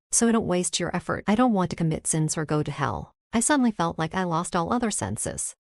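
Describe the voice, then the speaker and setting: A woman reads a first-person story in a steady, somber way, her voice sitting on the low side. The sound is dry and close, with no room echo, in a clean audiobook reading. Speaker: narrator.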